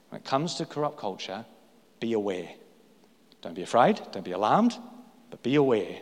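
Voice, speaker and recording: A male pastor preaching an emphatic sermon full of rhetorical questions in a large church hall. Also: lowish voice. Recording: long hall reverb.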